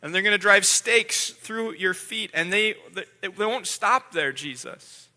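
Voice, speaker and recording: A man's voice: high voice, measured pace, pushed and bright, heavily acted. A man preaching from the pulpit who speaks as God the Father, addressing his son with intense, pleading repetition. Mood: grave. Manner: intense, pleading, repeats words. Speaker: pastor. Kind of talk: dramatic sermon role-play. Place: church sanctuary. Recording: long church hall reverb.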